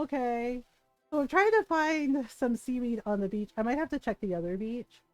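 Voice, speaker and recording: A woman's voice: fairly high pitch, no echo, poor audio. A woman streamer chatting casually while she plays, telling family stories with lots of laughter and acted-out voices. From Filipino family. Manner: animated, laughing, acts out family members' voices. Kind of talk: casual storytelling while gaming.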